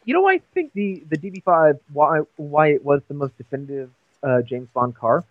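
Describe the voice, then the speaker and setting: A man chatting casually, telling stories in an animated way with halting restarts. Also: on the high side, no room sound, narrow, tinny audio. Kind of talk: casual chat.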